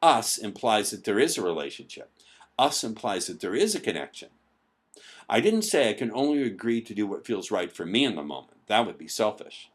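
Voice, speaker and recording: A man's voice: lowish voice, husky. A man coaching viewers through a screen-share tutorial, talking emphatically and repeating key phrases for effect. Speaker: dating coach.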